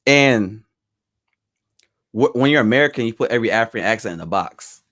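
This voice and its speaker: A man with a fairly low voice co-hosting a casual podcast. He talks thoughtfully and lays out his points at an even, measured pace. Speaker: podcast co-host. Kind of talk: casual banter.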